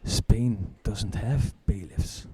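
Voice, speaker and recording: A man voicing a blunt, gruff male lawyer who talks in a brusque, insistent way, as part of a stand-up routine. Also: on the low side, extremely slow, warm tone, slight background noise, voice pushed down.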